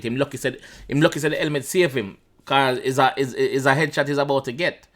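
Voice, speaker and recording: A man's voice: mid-range voice, fairly quick, a bit bright. A young Jamaican man with a Jamaican accent, casually breaking down a song line by line in a chatty way that slips into patois. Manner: chatty, repeats himself, mixes in patois. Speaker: reaction channel host.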